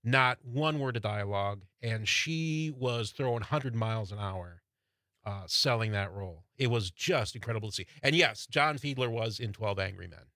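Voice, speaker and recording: A man on a radio show, a movie buff who eagerly tells stories with halting restarts. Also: lowish voice, pushed and bright, no echo, clean studio sound. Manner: enthusiastic storyteller, halting restarts. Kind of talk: casual radio chat.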